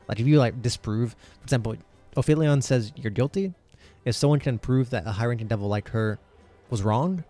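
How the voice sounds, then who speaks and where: A man narrating as game master for a tabletop game, rambling with lots of fillers and slipping into quick voices for the crowd. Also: mid-range voice, a little mellow.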